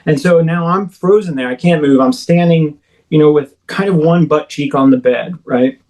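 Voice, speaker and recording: A man's voice: a little high, moderate pace, darkish tone, poor audio. A man who is a podcast guest, telling a personal encounter story in a casual, rambling way, full of "like" and "you know" and restarting sentences midway. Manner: self-correcting, restarts mid-sentence.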